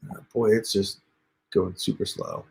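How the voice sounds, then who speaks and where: A man's voice: sits low, huge pitch swings, measured pace, gravelly, a little mellow. A man hosting a casual livestream tutorial, talking viewers through steps on screen in a chatty way over a computer mic. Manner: chatty, addresses viewers as you guys. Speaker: host.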